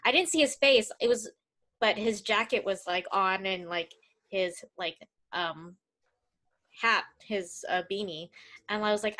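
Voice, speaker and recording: A woman's voice: mid-range voice, measured pace, pushed and bright. A woman co-hosting a podcast, telling a childhood story in a chatty way full of fillers. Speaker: podcast co-host. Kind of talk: casual chat, storytelling.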